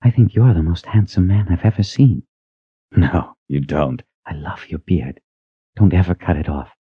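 A man voicing a coaxing, jealous young woman in an audiobook, with a breathy, raised voice. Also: low-pitched, moderate pace, dry recording, narrow, tinny audio. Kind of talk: audiobook character voice.

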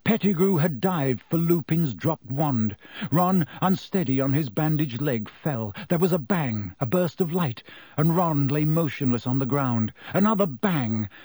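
A man reading an audiobook aloud as narrator, with dramatic shifts between slow and quick delivery. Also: fairly high pitch, lively intonation, darkish tone, breathy edge, dry recording. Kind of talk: scripted narration.

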